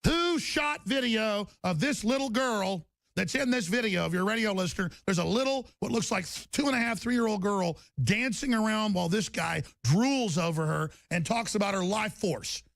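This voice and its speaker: A male radio host delivering an impassioned rant, intense and repetitive, breaking into shouting. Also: high-pitched, normal speed, vocal fry, hardly any pauses, dry recording, studio quality.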